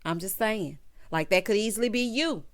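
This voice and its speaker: A woman's voice: medium pitch, animated, moderate pace. Sassy woman recapping reality TV. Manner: sassy, opinionated, talks straight to viewers. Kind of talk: casual chat.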